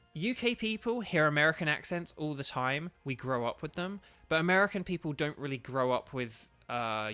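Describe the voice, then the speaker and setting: Bright-voiced man chatting while gaming. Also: medium pitch. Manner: rambling, lots of fillers and restarts. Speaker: streamer and voice actor. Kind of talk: casual gameplay commentary to live chat.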